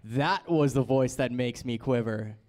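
A man's voice: mid-range voice, a little slow, darkish tone. A man hosting a casual group chat, quizzing his guests and laughing often. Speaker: podcast host.

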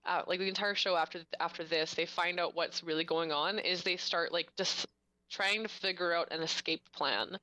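A woman's voice: fairly low pitch, steady tone, normal speed, sharp tone, low-quality recording. A woman in casual chat, animatedly recapping a story plot for her co-host.

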